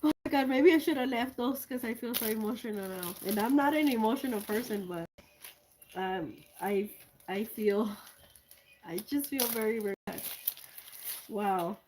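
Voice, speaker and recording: A woman chatting casually as she unboxes gifts for her video, gushing and excitable, swinging between loud squeals and soft, hushed thanks. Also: a little high, normal speed, background noise. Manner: gushing and excitable, many exclamations. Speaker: art vlogger.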